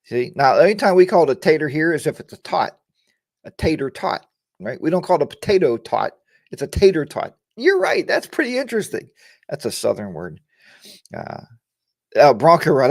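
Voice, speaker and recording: A man's voice: on the high side, huge pitch swings, moderate pace, vocal fry, no room sound, studio quality. A middle-aged man hosting a casual live motorcycle chat show, rambling and joking as he greets viewers and reads their comments. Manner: rambling and joking, chatty asides.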